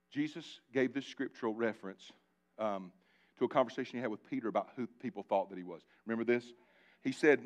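A man preaching a live sermon in church, animated and joking with his congregation, calling on them directly. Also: medium pitch, muffled recording. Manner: animated, talks directly to the congregation with asides and jokes. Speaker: pastor. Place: church sanctuary before a congregation.

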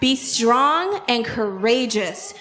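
A woman with a high voice tells a children's story at a church program, animated and chatty. She talks straight to the kids, asks them questions and acts out the scenes as she goes. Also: slow pace.

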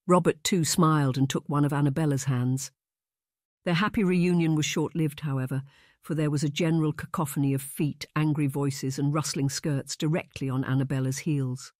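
An audiobook narrator reading a period romance in an even, measured way at a middle pitch. The sound is dry and close on a studio mic, with no room around it. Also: dry recording. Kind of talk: scripted narration.

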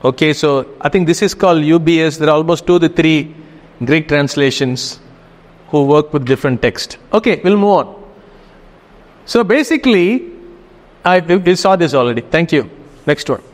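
A man's voice: fairly high pitch, lively intonation, normal speed, long pauses. A man giving a casual classroom lecture, often checking in with his students. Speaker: teacher. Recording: reverberant hall.

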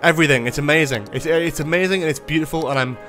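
A man's voice: a little high, fast talker, fairly bright tone, soft background music. A man casually commentating his own city-building livestream, swearing often, mocking himself and talking to his chat. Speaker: streamer playing a city-building game.

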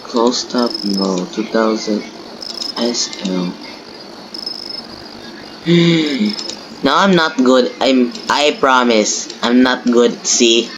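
A young man with a Filipino accent gives rambling, self-mocking, excitable commentary while playing a game. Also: mid-range voice, very slow, long pauses. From Philippines. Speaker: gameplay streamer. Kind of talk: casual gameplay commentary. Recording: noisy home recording with crickets and traffic.

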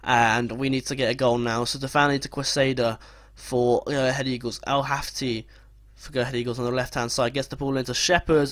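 A young man narrating his football management game as play-by-play commentary, breaking into loud, swearing outbursts. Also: medium pitch, fairly even intonation, brisk, no echo. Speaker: gaming commentator.

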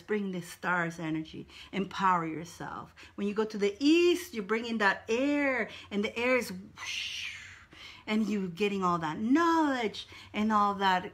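A woman's voice: a little high, a bit bright. A woman leading a spiritual wand dance, calling out short encouraging cues and stretching her words as she guides the movements.

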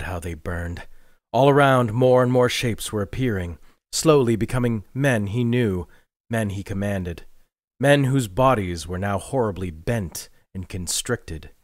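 A man giving measured, dramatic scripted narration of a dark fantasy novel. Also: fairly low pitch, no room sound, studio quality. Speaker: audiobook narrator.

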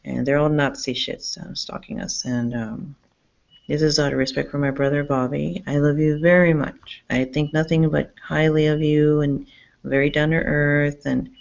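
A woman's voice: sits low, fairly even intonation, moderate pace, creaky, a little mellow. A woman talking to her camera in a rambling, agitated monologue, swearing often and restarting her sentences, recorded indoors in a public campus building. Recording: dull lo-fi sound.

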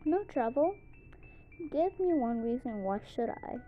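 A woman reading all the parts of a homemade drama, switching roughly between character voices. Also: high-pitched, lively intonation, measured pace, narrow, tinny audio, soft background music.

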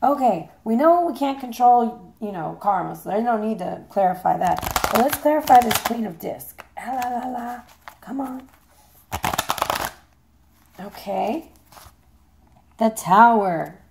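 A hoarse woman giving a chatty, playful tarot reading, swearing casually as she talks. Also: medium pitch, expressive, measured pace, background noise. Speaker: tarot reader.

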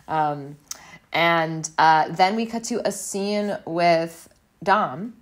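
A woman's voice: low voice, steady tone, slow. A woman co-hosting a podcast, chatting casually with a lot of fillers while recapping a TV episode. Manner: chatty, many fillers and quoted lines. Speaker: podcast co-host.

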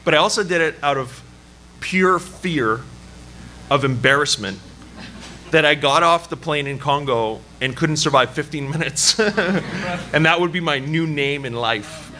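Male pastor, Canadian-raised, animated self-deprecating sermon storyteller, slightly high, bright tone. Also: unhurried, a little hiss or hum. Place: church service.

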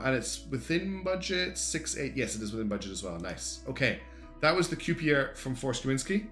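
A man's voice: medium pitch, a bit bright. Chatty man streaming with roomy echo. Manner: chatty, thinks aloud with many ums and restarts. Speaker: streamer reviewing community game designs. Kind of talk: casual livestream commentary. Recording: roomy echo with faint guitar music behind.

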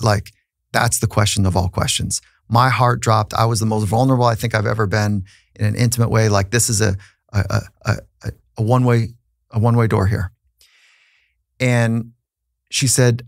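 A man's voice: lowish voice, steady tone, moderate pace, vocal fry, no room sound, studio quality. A man who is a psychologist, telling a personal story in an earnest, reflective way on a podcast, with frequent restarts.

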